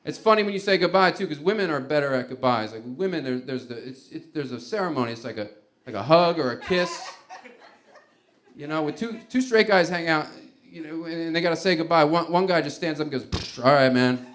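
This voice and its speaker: A man's voice: fairly high pitch, fairly quick, a bit bright, a little hiss or hum. A man doing a stand-up comedy set, rambling and chuckling with many fillers.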